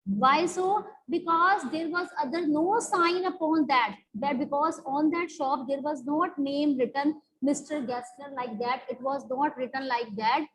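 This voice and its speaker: High-voiced teacher. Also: female voice, a bit bright, rough recording. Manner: repetitive, explaining meanings slowly. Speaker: English teacher. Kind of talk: classroom lesson explaining a story.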